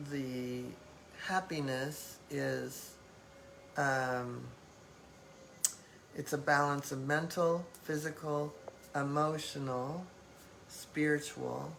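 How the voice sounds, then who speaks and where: A woman's voice: sits low, creaky, fairly bright tone, a little hiss or hum, rough recording. A woman hosting a live-stream talk, speaking reflectively in loose phrasing with many fillers. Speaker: host.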